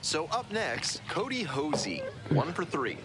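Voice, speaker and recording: A man calling baseball play-by-play in a smooth, polished broadcast manner. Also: fairly high pitch, very animated, a little slow. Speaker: play-by-play announcer. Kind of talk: baseball commentary. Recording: game audio under loud ballpark noise.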